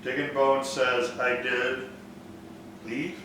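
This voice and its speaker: A man with a bright, forward voice hosts a casual woodworking live Q&A, reading out viewer comments and thinking aloud between them. He sounds distant from the mic in a very echoey workshop, with a faint hiss behind him. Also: medium pitch, slow pace. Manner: relaxed, thinks aloud with fillers. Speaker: woodworking live stream host. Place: woodworking shop.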